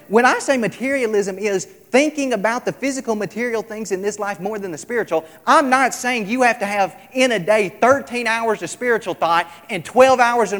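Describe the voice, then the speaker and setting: Man, high voice, preaching in a hall with long reverb, emphatic, repeats lines. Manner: emphatic, repeats lines, swings between loud and soft. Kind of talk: sermon. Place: large hall, tonight service.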